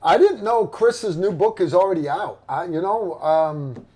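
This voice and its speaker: A man's voice: high-pitched, a little slow, darkish tone. A middle-aged man hosting a livestream in casual chat, rambling and blunt with lots of fillers and restarts. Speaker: livestream host.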